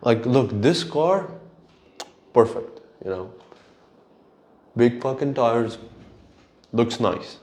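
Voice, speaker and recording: A man's voice: mid-range voice, animated, very slow, pauses often, darkish tone. A man hosting his own solo show, ranting in an exasperated, profane way. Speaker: podcast host. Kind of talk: solo rant.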